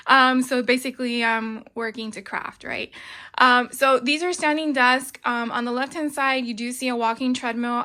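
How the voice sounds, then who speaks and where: Middle-aged woman, casual vlogger, slightly raised pitch, bright and tense tone, chatty with ums, a little out of breath, filmed on a phone in a home craft room. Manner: chatty, frequent ums, light laughs.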